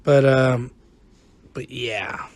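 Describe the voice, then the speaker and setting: This male gaming vlogger has a mid-range, steady voice and draws out his words. He offers casual gameplay commentary that's rambling, exasperated, and self-mocking, recorded on a close desk mic without a camera.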